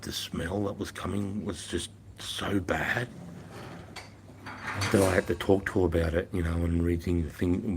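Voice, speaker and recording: A gruff man in his fifties, his low voice full of gravelly fry. He talks casually and bluntly to viewers, swearing freely as he tells stories. A faint hiss of noise sits under the recording. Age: 50s. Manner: blunt, profane, storytelling. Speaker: livestreamer and former army instructor.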